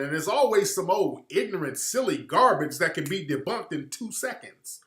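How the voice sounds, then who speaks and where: A man's voice: fairly high pitch, big pitch swings, moderate pace, few pauses, a bit bright, roomy sound. A man hosting a livestream, talking in an emphatic, rhetorical way that is full of profanity. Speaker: livestream host. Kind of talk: livestream monologue.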